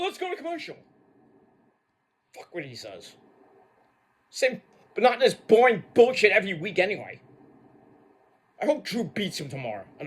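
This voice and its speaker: Animated, swearing man ranting a review. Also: a little high, breathy edge. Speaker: wrestling show reviewer. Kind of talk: casual profane rant.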